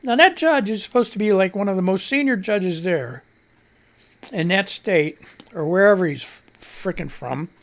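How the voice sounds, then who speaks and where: Man, radio host, casual rambling chat, laughs often, lively swinging pitch, from Missouri. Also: moderate pace. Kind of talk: casual live-stream chat reading social media posts.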